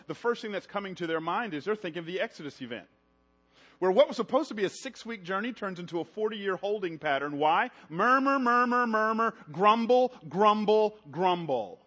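Preacher guy, high voice, storytelling sermon, gets loud then goes quiet and low.

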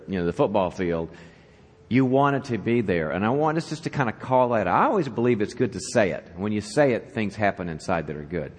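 Here a man with a fairly low voice gives a talk to church leaders, and the room leaves a long reverb tail. As a guest at their leadership event, he kicks off with a joke, narrates animatedly, and questions the audience.

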